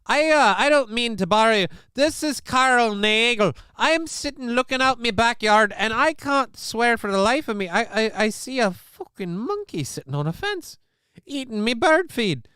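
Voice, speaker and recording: A frantic Scottish village man, as a man puts him on, stammering and cursing in a much higher voice than usual. The accent wanders toward Irish. He sounds bright and clear, and the recording is dry and close. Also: normal speed, dry recording, heavily acted. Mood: flustered. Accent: put-on Scottish drifting Irish. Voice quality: high, excited, sweary. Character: flustered Scottish village man calling emergency services.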